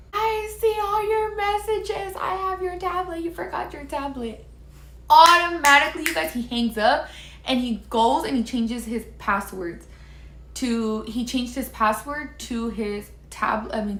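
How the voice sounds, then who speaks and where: A woman telling viewers her own story in a casual, emphatic and animated way. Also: on the high side. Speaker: storyteller sharing her experience. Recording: roomy recording with faint background hiss.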